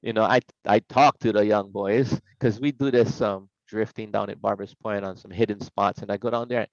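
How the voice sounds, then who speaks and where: A man's voice: fairly low pitch, moderate pace, hardly any pauses, no room sound. A middle-aged man tells stories casually as a podcast guest, acting out the voices he quotes. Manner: animated, acts out quoted voices. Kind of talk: casual storytelling. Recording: slightly dull, dry podcast sound.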